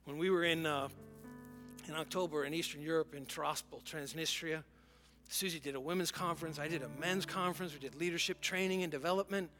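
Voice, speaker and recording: A man's voice: a little high, steady tone, a little fast. A middle-aged male pastor preaching a sermon in an earnest way, often repeating words and restarting. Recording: music playing softly behind.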